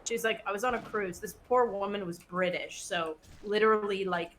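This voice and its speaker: A West Coast woman streams while gaming, telling stories in chatty, casual talk packed with "like." Her voice is medium-pitched and a bit bright at a normal speed, with slight background noise.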